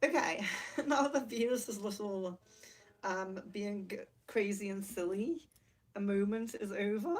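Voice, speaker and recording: A woman hosting a spiritual livestream from her room, giggly and excitable, laughing often, speaking to a camera set far across the room. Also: medium pitch, slow pace. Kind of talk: casual livestream chat. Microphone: camera mic from across the room.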